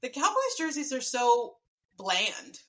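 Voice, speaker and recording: A woman's voice: sits high, sing-song, slow, sharp tone, low-quality recording. A woman co-hosting a casual sports podcast, chatty and filling her talk with "like". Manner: chatty, lots of "like". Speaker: podcast co-host.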